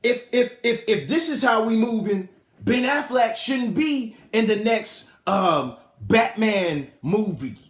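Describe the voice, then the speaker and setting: A vlogger speaks slowly in a high voice, his words echoing in a hot room at home. Lively and full of slang, he talks straight to his viewers and chat in this casual commentary video, repeating himself often.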